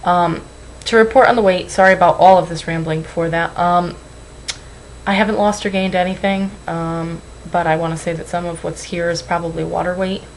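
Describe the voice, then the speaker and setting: A woman's voice: on the low side, fairly even intonation, brisk, slight background noise, low-quality recording. A young woman vlogging at home into a webcam, rambling and apologizing, anxious and close to tears. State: tearful. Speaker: weight-loss vlogger. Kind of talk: emotional webcam vlog.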